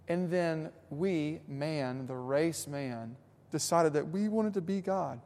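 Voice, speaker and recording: A man preaching a sermon as pastor, moving between hushed, reflective passages and emphatic, rising points, with casual conversational asides. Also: fairly high pitch, slow, long reverb tail, slight background noise.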